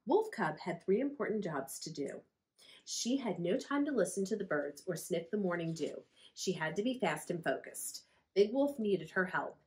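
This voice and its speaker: A woman, a children's librarian, reading a picture book aloud to children in a friendly, expressive storytelling manner. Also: on the low side.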